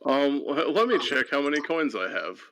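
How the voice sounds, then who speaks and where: A man's voice: on the high side, very animated, moderate pace, a bit bright. A man playing a tabletop game, chatting and asking hesitant questions. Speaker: player. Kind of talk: casual chat.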